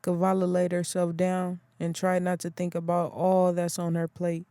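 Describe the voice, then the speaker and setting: A narrator telling an audiobook story in a plain, even way. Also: mid-range voice, normal speed, clean tone, no room sound. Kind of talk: scripted narration.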